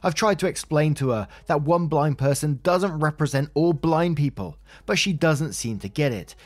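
A man narrating a first-person story in a sardonic, animated way. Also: a little high, normal speed, hardly any pauses, no echo.

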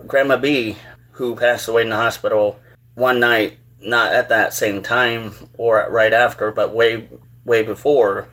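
A man hosting his own show, telling a personal story in a halting, rambling, earnest way. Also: mid-range voice, a bit bright. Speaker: show host.

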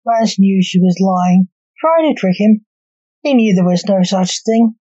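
A woman storyteller reading a story aloud in a calm, even way. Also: medium pitch, unhurried, breathy edge, no room sound. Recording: dull lo-fi recording.

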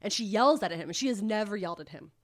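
A woman co-hosts a podcast and recaps a novel's plot in loose, rambling chat. She leans on filler words and curses freely as she tells it, with a voice of middle pitch. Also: lively intonation, quick pace. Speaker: podcast co-host. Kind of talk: casual book recap chat.

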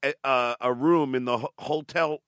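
A man's voice: medium pitch, normal speed, a bit bright, smooth, no room sound. A man telling blunt, profane stories in casual chat, swearing and restarting his sentences.

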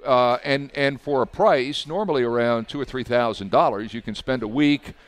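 A man's voice: medium pitch, normal speed. A man who works as a sports broadcaster, a guest in a casual podcast chat, explaining things in an easygoing way.

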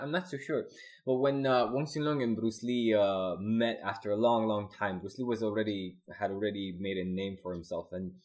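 A male host with a fairly low voice chats with his guest. He sounds curious and engaged as he asks questions and shares stories. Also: darkish tone. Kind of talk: conversational interview.

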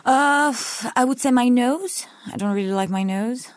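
A woman's voice: a little high, moderate pace, no room sound. A woman from France, hesitant and shy, speaking as a guest in a casual chat.

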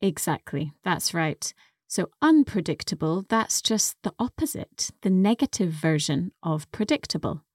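A woman's voice: fairly low pitch, very animated, unhurried, darkish tone, slightly rough, dry recording, studio quality. A woman co-hosting an English lesson podcast, carefully explaining vocabulary and pronunciation. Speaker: co-host and English teacher.

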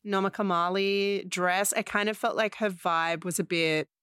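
A woman co-hosting a podcast, chatting casually about pop culture, quick to react and laugh. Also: mid-range voice, fairly even intonation, a bit bright, clear, resonant tone, dry recording, clean studio sound. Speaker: podcast co-host. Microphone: remote call-in mic.

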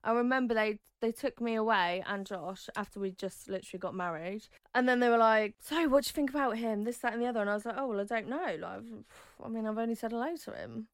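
Woman, thirties, chatty interview guest, animated storytelling, dry close sound. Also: fast talker, few pauses, no room sound. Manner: chatty, animated, acts out quotes with high squeals.

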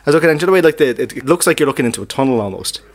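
An Irish man co-hosting a comedy podcast, telling a story in an animated way that repeats words. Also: fairly high pitch, rapid-fire. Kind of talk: casual chat, storytelling.

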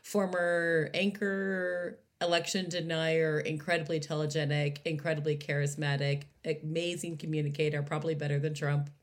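A woman political commentator speaking from her home. Her voice sits a little low, and she drives her points home with energy. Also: little pitch movement, moderate pace, few pauses. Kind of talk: political chat.

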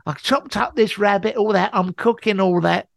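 Male comic co-host, gravelly mid-pitched voice, crude banter, dry sound. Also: normal speed, dry recording. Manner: crude, chiming in, egging on. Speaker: podcast co-host.

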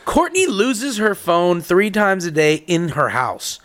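A man telling stories in a casual chat, animated and quick to act out other people's voices. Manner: animated, jumps into high voice when acting out others.

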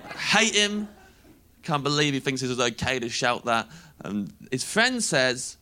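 A man in his thirties telling an animated stand-up story, acting out voices as he goes. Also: medium pitch, a little slow, a faint crowd, slight background noise. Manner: animated, acts out voices, laughs through lines. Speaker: stand-up comedian.

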